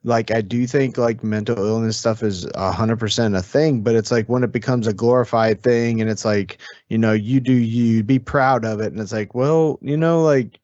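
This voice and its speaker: A man's voice: mid-range voice, steady tone, normal speed, few pauses, a little mellow, no room sound, muffled recording. A man co-hosting a casual podcast, rambling with lots of fillers and some swearing. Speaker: podcast co-host. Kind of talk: casual chat.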